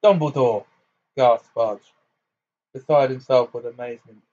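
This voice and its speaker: A man reading a novel aloud in plain, steady narration with small slips. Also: medium pitch, measured pace. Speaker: audiobook reader. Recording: slightly muffled home recording.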